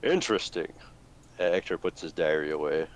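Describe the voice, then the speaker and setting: A man playing a tabletop game talks through his character's actions. He thinks aloud and hesitates often. His voice sits low. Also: fairly quick. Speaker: player. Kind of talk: tabletop game play, casual chat.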